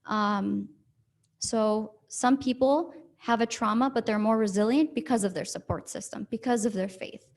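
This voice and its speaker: Calm woman counselor giving practical advice. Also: fairly high pitch, moderate pace. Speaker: counselor giving a church talk. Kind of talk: talk with audience questions. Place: church hall.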